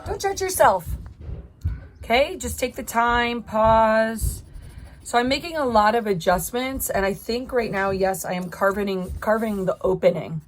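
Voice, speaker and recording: A woman teaching a drawing lesson as she sketches, speaking in an encouraging, thinking-aloud way. Her voice sits at an ordinary pitch, with a faint hiss of noise behind it. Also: moderate pace, hardly any pauses. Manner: encouraging, talks while drawing. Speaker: art teacher. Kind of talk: live drawing tutorial.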